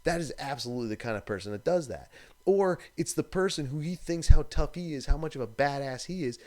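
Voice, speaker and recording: A man's voice: on the high side, expressive, brisk, mellow. A man hosting a live stream, ranting in a casual, profane, exasperated way.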